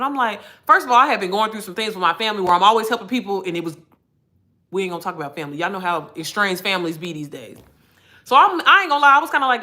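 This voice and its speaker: A woman talks candidly to her livestream audience, cussing freely and calling them y'all. Her voice is bright and forward, and her pitch sits at an ordinary middle height. She keeps a loose, chatty flow as a digital marketing mentor. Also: animated, quick pace. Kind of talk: casual livestream Q&A.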